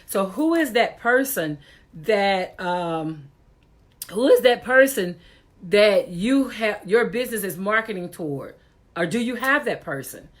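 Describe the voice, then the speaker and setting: A woman's voice: mid-range voice, lively intonation, a little slow. Chatty woman hosting a live stream. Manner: chatty, laughs often, exasperated at technical glitches. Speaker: talk show host. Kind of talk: casual live-stream chat. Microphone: computer for a live stream.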